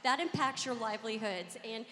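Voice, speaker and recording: A woman's voice: a little high, moderate pace, sharp tone. A woman from Kentucky with a Southern accent, speaking as a panelist, earnest and pleading. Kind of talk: convention panel talk. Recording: hall reverb.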